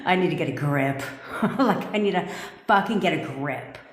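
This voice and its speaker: Woman, low-pitched, blunt commanding coach, swears freely, roomy echo. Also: animated, moderate pace. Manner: laughs and jokes with viewers. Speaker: manifestation coach. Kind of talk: live-stream coaching talk. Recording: echoey room with long reverb.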